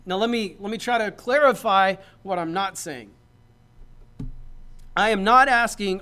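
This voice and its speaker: High-voiced man preaching a sermon. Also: a little slow, pauses often, bright, forceful tone. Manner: conversational and joking, building to emphatic points. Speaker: pastor.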